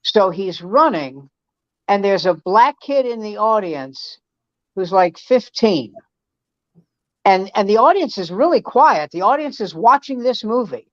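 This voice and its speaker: A woman comedian in casual chat, telling stories in an animated, profane way. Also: medium pitch, unhurried, no room sound. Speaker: comedian guest. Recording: dull, dry sound.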